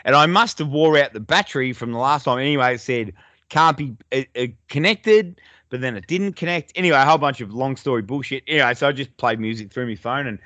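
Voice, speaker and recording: A man's voice: mid-range voice, quick pace, a bit bright, dry recording. A young adult man with an Australian accent, telling stories in a laid-back, sweary way as a podcast co-host. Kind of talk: casual chat.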